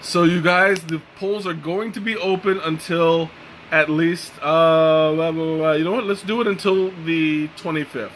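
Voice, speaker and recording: A tired, relaxed man hosting a live tea-tasting stream, chatting casually and rambling with lots of fillers and restarts. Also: a little high, normal speed, a little hiss or hum, rough recording. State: tired and mellow. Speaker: tea livestream host.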